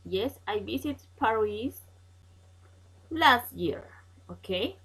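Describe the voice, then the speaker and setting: A woman's voice: fairly high pitch, expressive, slow pace, pauses often, a bit bright, slightly rough, low-quality recording. A woman teaching an English grammar lesson online, patient and repetitive, checking in with "okay?" often.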